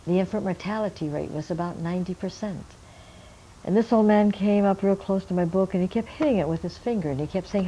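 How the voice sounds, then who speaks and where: Older lady missionary telling her story to friends, earnest, warm mellow voice. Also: medium pitch, fairly quick, dull audio, a little hiss or hum. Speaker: missionary Bible translator. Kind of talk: storytelling testimony.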